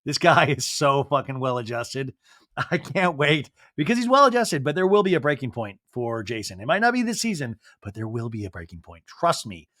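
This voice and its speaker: A man hosting a podcast, recapping a show in a jokey, animated way and acting out quotes. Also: medium pitch, moderate pace, dry recording, clean studio sound. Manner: animated, jokey, acts out quotes in different voices. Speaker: podcast host. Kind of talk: casual recap commentary.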